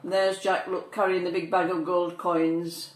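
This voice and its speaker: A woman reading a picture book aloud to a child, gently pointing out the pictures as she goes. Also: on the low side, flat delivery, normal speed. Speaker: storyteller. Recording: echoey room, faint noise.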